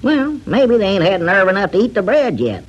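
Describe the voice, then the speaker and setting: An actor playing a fussy, chatty middle-aged country storekeeper, in 1940s radio comedy acting. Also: male voice, high-pitched, very animated, moderate pace, noisy background. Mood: teasing. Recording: lo-fi old radio recording.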